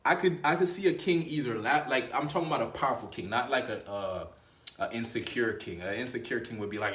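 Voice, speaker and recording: A man's voice: mid-range voice, quick pace, a bit bright, reverberant. A man talking as a dating coach in a casual, emphatic, slangy manner, often repeating and restarting phrases. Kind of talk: casual motivational talk to camera.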